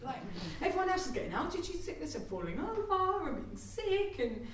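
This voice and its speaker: A woman's voice: extremely high pitch, sing-song, a little fast, a little hiss or hum. A woman performing live stand-up comedy, chatty and self-mocking. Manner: chatty, self-mocking, bursts into squealing act-outs. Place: theatre stage before a laughing audience. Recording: roomy live theatre recording, mic at a distance, loud audience.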